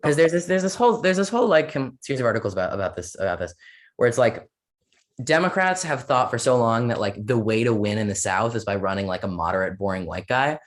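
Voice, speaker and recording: A man's voice: mid-range voice, very animated, fast talker. A man speaking as a guest in a casual podcast interview, rambling with many fillers and sarcastic asides.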